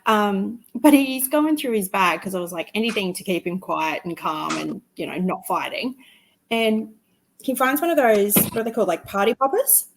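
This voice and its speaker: A woman's voice: medium pitch, normal speed, a little hiss or hum, poor audio. A young Australian woman from Queensland, co-hosting a casual craft chat and telling stories with lots of laughter. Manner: animated storytelling, laughs often. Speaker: co-host.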